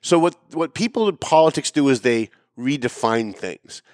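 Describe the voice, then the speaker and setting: A male show host delivering an opinionated political commentary monologue at an average pitch. His tone is sarcastic and emphatic, jumping up for pointed jabs and dropping into low muttered asides. The recording is close and dry. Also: lively intonation, moderate pace, no room sound. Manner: swings between loud raised emphasis and low muttering.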